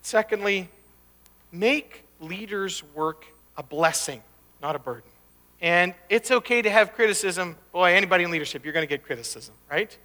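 A man's voice: high voice, normal speed, bright, forceful tone. A male pastor preaching a sermon in a conversational, anecdotal way with folksy asides, speaking in a church sanctuary. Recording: long church hall reverb.

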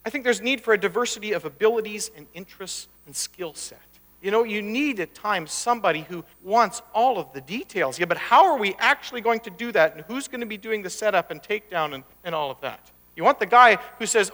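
A male pastor delivers a sermon in a chatty, storytelling manner with folksy asides. His voice sits high and sounds bright and forceful. It rings out in a long church reverb. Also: expressive, fairly quick, hardly any pauses. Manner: conversational, anecdotal, folksy asides.

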